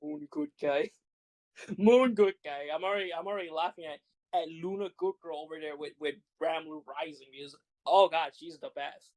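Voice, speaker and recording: A woman co-hosting a podcast, telling fighting-game stories in animated, laughing casual chat with some swearing. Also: sits low, normal speed, poor audio. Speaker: podcast co-host.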